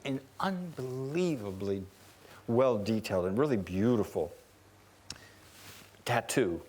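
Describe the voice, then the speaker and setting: A man's voice: medium pitch, lively intonation, slow pace, a little mellow, slightly rough. A man telling a rambling, enthusiastic anecdote as a talk show guest. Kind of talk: comic anecdote.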